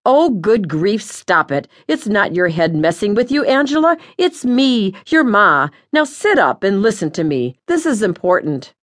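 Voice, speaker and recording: A woman's voice: medium pitch, sing-song, measured pace, few pauses. A woman voicing the scolding, blunt ghost of an older mother in an audiobook. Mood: impatient. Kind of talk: audiobook character voice.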